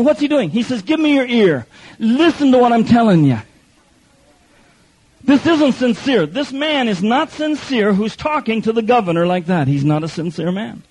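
A man preaching a sermon in a lively, joking way, reading scripture aloud and acting out the speakers. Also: very high-pitched, rough recording. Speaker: pastor.

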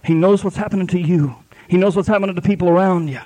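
A man's voice: high-pitched, fast talker, warm tone. A man preaching a sermon at a live church service, fervent and repetitive, with folksy grammar.

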